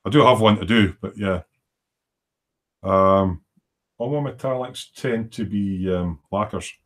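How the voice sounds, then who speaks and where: Middle-aged guy rambling away at his workbench on a livestream, bit of a lowish voice, chatty. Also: measured pace, a bit bright. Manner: chatty, rambling, reads out viewer comments. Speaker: livestream host. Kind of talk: casual chat while working. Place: home workshop.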